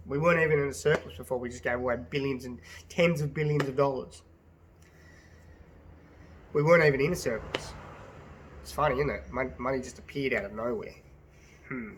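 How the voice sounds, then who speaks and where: A man's voice: medium pitch, slight background noise. An Australian man, a business owner, ranting to his phone camera in a passionate, blunt way, swearing and repeating himself. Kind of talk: casual to-camera rant.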